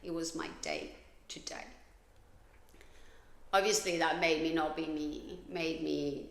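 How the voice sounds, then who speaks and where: Podcast host: a woman from Colombia, low gravelly voice, blunt and confessional, recorded in an echoey room. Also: fairly even intonation, slow pace. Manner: candid, blunt, swears freely. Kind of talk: confessional personal monologue.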